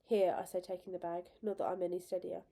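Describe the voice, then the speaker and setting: A woman reading a story aloud with expressive, emotional narration. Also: on the low side, fast, vocal fry. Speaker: reader.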